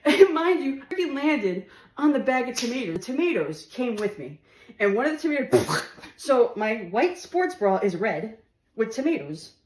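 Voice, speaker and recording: Woman, casual comic storyteller, laughs through lines, a little high, roomy echo. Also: moderate pace. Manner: laughing through her words, animated, swearing. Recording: roomy echo with faint music.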